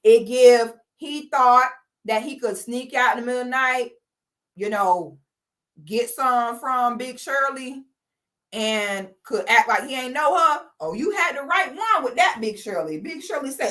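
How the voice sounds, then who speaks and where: A woman hosting a casual livestream, telling a story with animated quoting and reading viewer comments aloud. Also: on the high side, measured pace. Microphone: camera or phone mic on a live stream.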